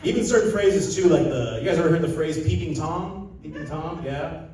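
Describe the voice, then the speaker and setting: Young stand-up comic from SoCal, slightly high voice, loose crowd-work delivery, heavy room echo, heard from a distance. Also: male voice, animated, moderate pace, a little mellow. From Southern California. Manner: chatty crowd work, loose storytelling with act-out quotes. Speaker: stand-up comedian. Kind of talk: stand-up comedy set. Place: casino stage with a live audience. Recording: very echoey room, voice a bit distant.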